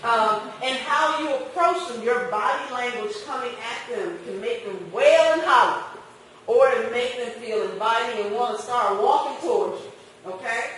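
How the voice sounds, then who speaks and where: A woman's voice: fairly high pitch, moderate pace, a little hiss or hum. Woman teaching in an echoey room. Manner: lively, questions the class and acts out customer exchanges. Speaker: marketing instructor. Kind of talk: classroom lecture. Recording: echoey room picked up from a distance.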